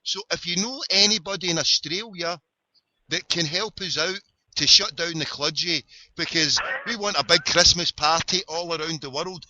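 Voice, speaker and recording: A man's voice: on the high side, normal speed, pushed and bright, slight background noise. A man with a Glasgow Scottish accent hosting an internet show, talking in boisterous, rambling, wisecracking patter. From Scotland. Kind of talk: jokey call-in banter. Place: parked car. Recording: dull lo-fi webcast audio.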